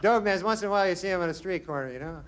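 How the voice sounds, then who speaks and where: A man doing a stand-up routine in a comedy club, with a deadpan, drawn-out delivery broken by quick asides. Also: high-pitched. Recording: live club with loud crowd laughter and noise. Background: audience laughing.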